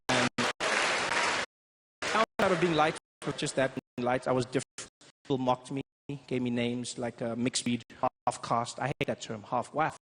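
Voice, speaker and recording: A young man from South Africa doing a stand-up comedy routine, an animated storyteller who breaks into loud impressions. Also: medium pitch, moderate pace, crowd noise, background noise.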